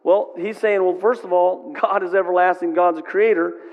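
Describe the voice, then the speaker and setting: A man's voice: sits high, steady tone, normal speed, big-room sound, phone-quality sound. A middle-aged man preaching a sermon in a church, conversational and asking the congregation "right?" often. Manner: conversational, asks the crowd "right?". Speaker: pastor.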